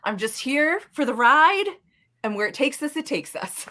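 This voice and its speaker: A woman's voice: high-pitched, very animated, moderate pace, pushed and bright. A woman appearing as a surprise guest on a podcast, chatting playfully and teasing the host. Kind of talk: casual chat.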